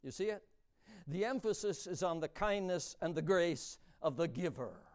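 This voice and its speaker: Preaching expressively, this man has a smooth, clear, high-pitched voice. His delivery is slow, with important words stretched out, and his pitch ranges broadly from quiet asides to thunderous passages.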